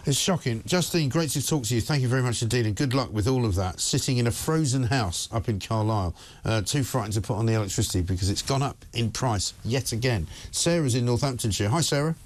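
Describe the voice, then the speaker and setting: A man's voice: mid-range voice, lively intonation, fast, few pauses. Man, radio host, blunt, opinionated, phone-in chat. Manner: blunt, opinionated, brief interjections.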